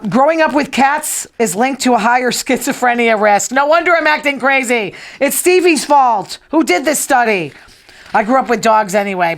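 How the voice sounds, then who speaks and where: A middle-aged woman hosting a casual news and gossip chat, opinionated and teasing the people in the room. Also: on the high side. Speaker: podcast host.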